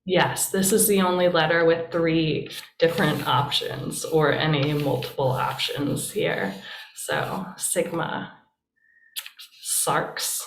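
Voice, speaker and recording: Woman pastor leading a class, unhurried and chatty, encouraging tone, roomy church hall sound. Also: sits low, steady tone. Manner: chatty and encouraging, with many fillers. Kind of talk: casual classroom teaching. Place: church meeting room. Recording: roomy echo.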